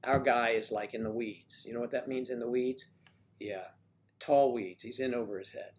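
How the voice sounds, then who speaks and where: A man's voice: mid-range voice, steady tone, normal speed, slight background noise. Chatty man rambling on a livestream. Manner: chatty, joking, drifting between topics. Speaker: livestream host. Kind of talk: casual rambling chat. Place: at home.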